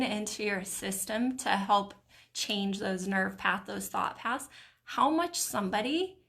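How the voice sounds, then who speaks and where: A middle-aged woman hosting a live video stream, reading viewers' comments aloud in a warm, encouraging, emotional way. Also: medium pitch. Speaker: host of a live mindset stream.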